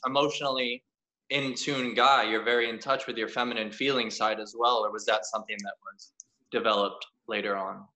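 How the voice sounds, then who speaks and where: A man with a bright, forceful voice hosts a conversational interview, asking reflective and supportive questions. His voice carries a roomy echo around it. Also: medium pitch. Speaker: podcast host.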